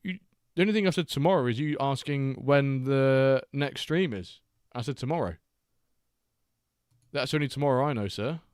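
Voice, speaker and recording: A man's voice: mid-range voice, normal speed, a little mellow, clear, resonant tone, dry recording, studio quality. A man hosting a live watchalong stream, reading chat aloud and bantering with a jokey, laughing manner.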